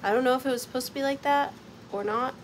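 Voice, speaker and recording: A woman's voice: high-pitched, fast, slight background noise. A young woman selling vintage items in a bubbly, playful live sale, chatting to her pieces as if they were friends. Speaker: online vintage seller. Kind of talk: casual live sale chat.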